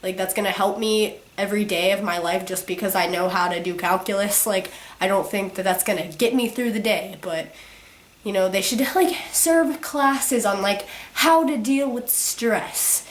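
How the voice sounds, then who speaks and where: A woman's voice: medium pitch, normal speed. Teen girl ranting with a cracking voice. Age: teens. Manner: ranting, constant "like" fillers. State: sick, voice cracking. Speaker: vlogger. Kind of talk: casual rant to camera. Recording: roomy echo.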